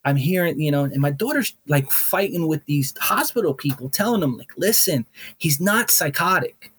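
A middle-aged man with a voice pitched a little high for a man, telling his own story as a guest. He talks bluntly and swears freely, throwing himself into the telling with animated energy. It comes across as candid and unpolished. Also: a little fast, husky.

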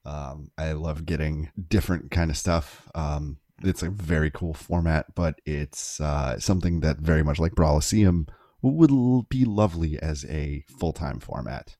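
A man co-hosting a card-game podcast, talking in a relaxed way with frequent ums and uhs. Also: very deep voice, measured pace, few pauses, no echo, studio quality. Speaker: podcast co-host.

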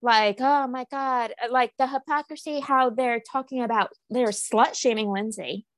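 A young woman co-hosting a podcast, chatting casually and animatedly about reality TV, her pitch jumping up when she quotes people. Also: a little slow, no echo. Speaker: podcast co-host.

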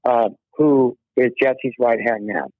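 A man's voice: mid-range voice, fairly even intonation, slow pace, dry recording. A male musician telling a rambling, heartfelt story in an interview, with many restarts. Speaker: musician guest. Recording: tinny phone line.

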